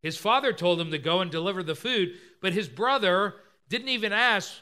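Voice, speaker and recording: A male preacher with a high, bright, clean-toned voice preaches forcefully at normal speed in an expository sermon. He retells scripture and briefly acts out what its characters say.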